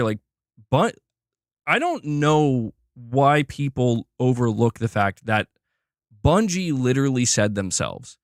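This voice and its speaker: A man's voice: mid-range voice, no echo, studio quality. A man giving blunt, opinionated commentary on gaming news, emphatic and repeating himself as he pushes his point.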